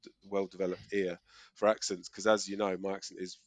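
Now living in Australia, this middle-aged podcast co-host from Kent has a South East English accent and a low-sitting, level voice, speaking a little fast with no room sound. In casual chat he meanders through a story, full of fillers and restarts.

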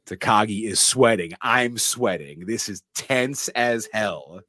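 A male podcast host tells a film scene casually and with lots of energy, often stopping to restart his sentences. His voice is very deep. The sound is dry and close. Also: takes it slowly, no echo. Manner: animated storytelling with frequent restarts.

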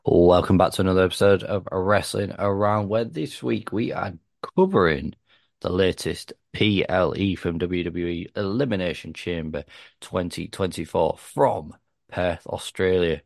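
A man's voice: low voice, moderate pace, gravelly, darkish tone, no echo, studio quality. A man hosting a podcast, chatting casually and joking about wrestling. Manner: jokey, banters about wrestling. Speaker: podcast host. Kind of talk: casual chat.

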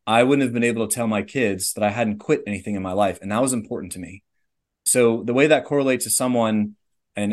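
A man in his thirties telling a personal story in a casual interview, earnest and rambling, with lots of "like" and "legit". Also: fairly low pitch. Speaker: podcast guest, airline pilot.

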